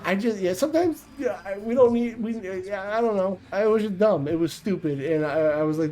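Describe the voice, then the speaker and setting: A man's voice: sits high, brisk, hardly any pauses, a little mellow, faint music behind, low-quality recording. A man chatting casually on a livestream, blunt and profane, rambling with restarts. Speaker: streamer.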